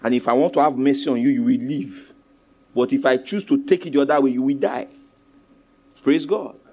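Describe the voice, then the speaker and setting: At a fairly quick pace, a male Nigerian-accented pastor delivers an animated, commanding sermon. He alternates between loud exhortation, low asides and call-and-response with those gathered.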